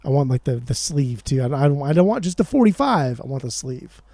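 A man co-hosting a podcast in casual chat, excitable and swearing often as he talks about music. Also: medium pitch, brisk, no echo. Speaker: podcast co-host.

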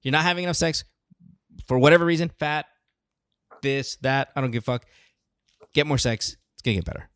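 A man's voice: fairly high pitch, a little fast, long pauses, fairly bright tone, clear, resonant tone, dry recording, clean studio sound. A man hosting a call-in advice show, blunt and profane with emphatic stresses. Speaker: host. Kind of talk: casual advice chat.

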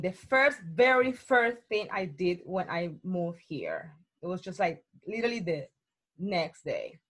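Guest: young Colombian woman, Spanish-accented English, outgoing, animated storyteller who laughs a lot. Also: lowish voice. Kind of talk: casual conversation.

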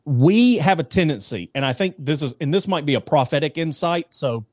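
A man in casual faith discussion, telling jokes and stories in an animated way, with voices. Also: a little high, a little fast, no room sound, clean studio sound.

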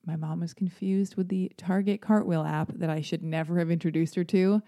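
Woman podcast host, mellow tone, just rambling thru a story, kinda self-deprecating, squeaky jumps when she quotes people. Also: fairly quick. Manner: jumps into high, animated voices when quoting people. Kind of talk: casual solo podcast monologue.

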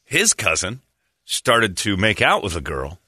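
A man's voice: lowish voice, wildly swooping pitch, measured pace, bright, forceful tone, husky, no room sound, studio quality. A man hosting a podcast, telling rambling comedic stories with frequent laughs and asides. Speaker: podcast host. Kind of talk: casual comedic storytelling.

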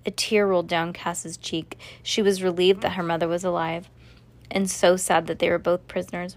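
A woman reading a children's novel aloud in a steady storytelling voice, with a few slips and restarts. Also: fairly low pitch, moderate pace, dry recording. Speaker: reader.

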